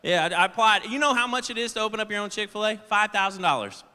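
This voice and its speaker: A man's voice: high-pitched, expressive, quick pace, sharp tone, smooth. A male stand-up comedian telling loose, profane stories on a theater stage, acting out the voices of people in them. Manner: loose, swearing, acts out voices in his stories. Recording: live theater with long reverb.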